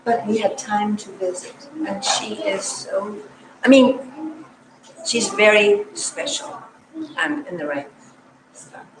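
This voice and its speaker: A woman's voice: medium pitch, slow pace, pauses often. An older woman telling an emotional personal story at a church meeting. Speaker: parishioner. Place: church hall. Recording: echoey hall, mic from far off, noisy.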